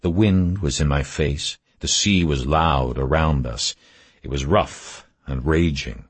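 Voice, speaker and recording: A man narrates a first-person story in a very deep, husky voice. His delivery is terse and measured, kept low-key from line to line, in a dry recording. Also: no room sound. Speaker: audiobook narrator.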